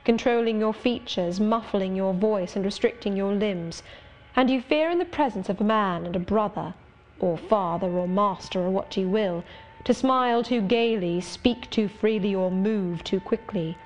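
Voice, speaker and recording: A brooding, sardonic gentleman of middle age, voiced by a woman reading an audiobook. He speaks in a measured, wry and confiding manner. The pitch sits in an ordinary middle range. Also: soft background music, close to an everyday voice. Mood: musing.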